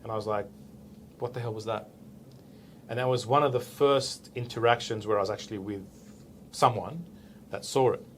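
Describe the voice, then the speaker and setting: A low-ish, brisk voice belongs to an Australian cop in his forties being interviewed. He tells his story casually and with animation, acting out the dialogue and punctuating it with "right?" A little hiss or hum runs through the audio.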